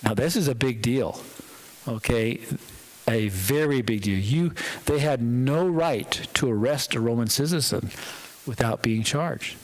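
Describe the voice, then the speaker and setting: A male pastor giving a conversational, dramatic sermon in a church, with pauses for effect. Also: medium pitch, poor audio.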